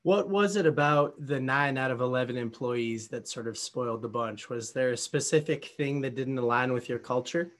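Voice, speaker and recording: A male interviewer with a mid-range voice. He reads out quotes and asks careful, prepared questions in a measured way. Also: mid-range voice. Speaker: interviewer host.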